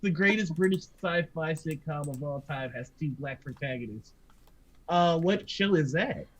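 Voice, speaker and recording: A woman's voice: low voice, normal speed. A woman from the United States hosting a livestream, loose and joking and often laughing. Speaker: host. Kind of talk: casual chat on a livestream.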